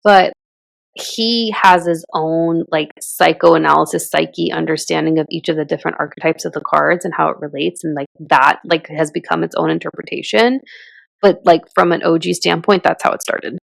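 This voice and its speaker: Low gravelly woman, chatty podcast co-host. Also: steady tone, normal speed, no room sound. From Southern California. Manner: chatty, laughs often, many fillers. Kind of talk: casual chat.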